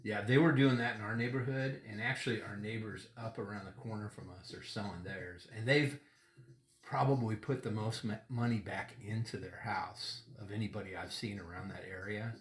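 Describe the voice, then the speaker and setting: A middle-aged man with a somewhat low voice chats casually as a podcast host, rambling from one thought to the next and laughing often. His voice rings in an echoey room. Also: normal speed. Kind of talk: casual chat over a tequila tasting.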